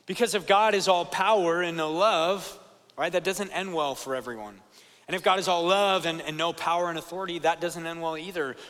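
A man's voice: fairly high pitch, fairly bright tone. Earnest young man preaching in a hall. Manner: earnest, conversational preaching with frequent "right?". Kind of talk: sermon.

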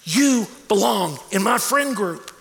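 A pastor in his forties preaches with a high, lively voice that leaps up and drops low. He tells stories earnestly, moving from hushed lines to emphatic peaks. A long hall reverb trails every phrase. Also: slow pace, vocal fry. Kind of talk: sermon.

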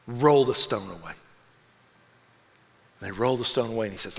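A man preaching a sermon as an animated storyteller, acting out the voices in his story and dropping to a hush for solemn moments. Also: medium pitch, measured pace, creaky, long pauses, long reverb tail. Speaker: pastor.

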